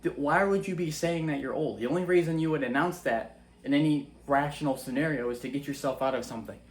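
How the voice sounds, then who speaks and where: A man's voice: on the high side, fast. A young man giving an earnest, casual faith-based monologue that is full of rhetorical questions. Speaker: Christian vlogger.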